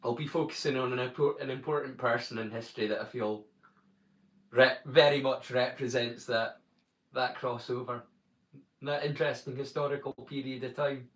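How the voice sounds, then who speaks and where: A man's voice: medium pitch, steady tone, normal speed, fairly bright tone, reverberant, far from the mic. A man with a northeast Scottish accent chatting casually with viewers on a live stream, jokey and greeting people by name. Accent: Scottish, northeast (Doric). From northeast Scotland. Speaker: livestream watchalong host.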